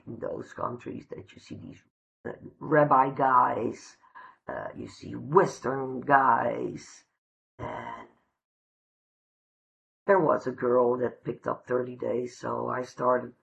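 A woman's voice: rumbling low, creaky, a bit bright, low-quality recording. A woman from the Netherlands giving a heartfelt, candid personal recovery share, swearing freely. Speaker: recovery meeting speaker.

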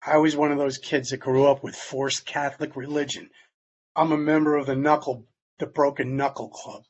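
An older man shares his recovery story in a casual, conversational way and acts out the dialogue he quotes. His voice is husky and of middling pitch. The recording is dull and lo-fi. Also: flat delivery, normal speed. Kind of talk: personal testimony talk.

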